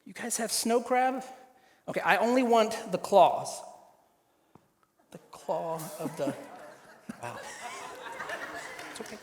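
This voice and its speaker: A man emcees a live improv comedy show, upbeat and talking out to a crowd. His voice sits high for a man. A long hall reverb trails each line. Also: animated, slow pace, pauses often, darkish tone. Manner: upbeat, announcing to an audience.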